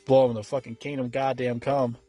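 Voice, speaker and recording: A man's voice: mid-range voice, level tone, a little fast, dark tone, soft background music. A man giving a casual film review, rambling and swearing freely, with many fillers and restarts. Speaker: movie reviewer.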